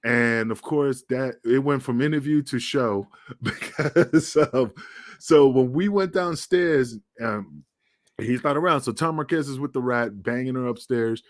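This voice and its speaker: A man's voice: mid-range voice, unhurried, dry recording, studio quality. Middle-aged man spinning profane war stories. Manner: profane, rambling war-story telling. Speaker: retired pro wrestler guest. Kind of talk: casual podcast chat.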